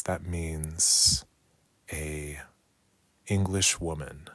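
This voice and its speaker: A man chatting casually on a late-night livestream, talking softly and often slipping into whispers as he repeats phrases aloud. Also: sits low, takes it slowly, crowd noise. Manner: chatty with viewers. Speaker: art livestreamer.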